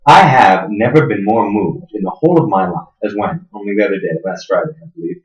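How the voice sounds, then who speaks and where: An actor playing a smug, sadistic middle-aged interrogator who sneers and swings between hushed menace and sudden loudness, in a roomy, dull recording. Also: male voice, on the low side, animated, fairly quick, close to an everyday voice. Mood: menacing. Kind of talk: stage drama acting.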